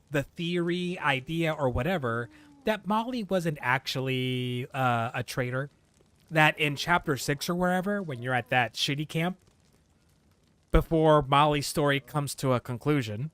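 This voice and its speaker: A man streaming a video game, chatting casually in an animated way, often chuckling and reading in-game text aloud. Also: on the high side, measured pace. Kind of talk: casual gameplay commentary.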